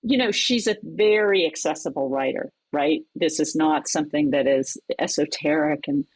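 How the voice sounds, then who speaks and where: A woman who teaches cookbook writing, talking in an animated, conversational way as a podcast guest. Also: deep voice, moderate pace, breathy edge, no echo, rough recording. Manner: animated, lively storyteller with laughs. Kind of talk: conversational interview.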